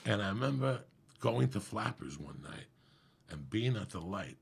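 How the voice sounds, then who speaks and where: A middle-aged man, a comedian guest, telling a profane, animated story in casual podcast chat. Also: on the low side, normal speed. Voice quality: gravelly, husky.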